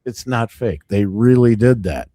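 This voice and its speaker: A man's voice: medium pitch, expressive, unhurried, mellow, dry recording, clean studio sound. An older man, a podcast guest, reminiscing in casual chat with emphatic asides.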